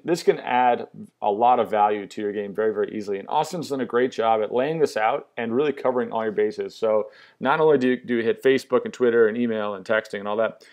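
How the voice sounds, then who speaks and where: An upbeat young man talks through an app demo in a loose, casual way. His voice sits a little low, and his delivery is eager and full of restarts. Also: a little mellow. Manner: upbeat, enthusiastic, lots of fillers and restarts. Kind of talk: casual product demo walkthrough.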